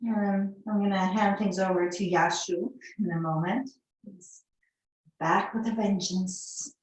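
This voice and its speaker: A woman yoga teacher giving chatty, gently encouraging cues in a live class. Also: medium pitch, steady tone, a little slow, a little hiss or hum. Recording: echoey room, mic far off.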